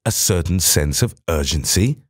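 A rattled middle-aged scholar, as a male reader puts him on, rushes his words with breathless urgency, his pitch swinging up and down. The sound is dry and close, a storybook reading with nothing behind it. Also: animated, husky, no echo. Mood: urgent. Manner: hurried, breathless and agitated. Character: flustered fifty-year-old male museum scholar, urgent. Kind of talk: audiobook character voice.

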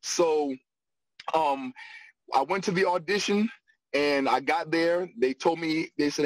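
A man's voice: a little high, slow, pauses often, dry recording, low-quality recording. A middle-aged man telling a personal story with energy, repeating words as he gathers his thoughts. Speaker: guest on a discussion panel.

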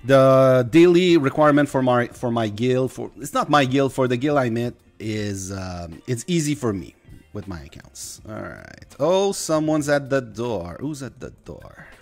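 A man's voice: mid-range voice, animated, a little slow, faint music behind. A man streaming a mobile game, chatting casually with viewers and welcoming them as he plays. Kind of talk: casual live-stream chat.

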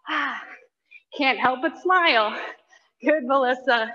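A woman's voice: high voice, lively intonation, measured pace, pauses often, sharp tone, long reverb tail. A woman fitness instructor coaching a live workout with short cues, countdowns and cheers for people by name, breathing hard as she exercises along. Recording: dull lo-fi online class audio.

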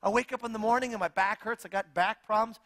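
Middle-aged man, pastor, sermon; lively and jokey, higher-pitched, long hall echo. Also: fast talker. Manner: animated, humorous, self-deprecating storytelling.

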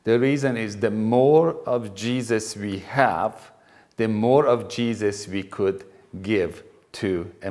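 A middle-aged man from Iran, teaching in an earnest talk with frequent restarts. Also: fairly low pitch. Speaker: Christian teacher.

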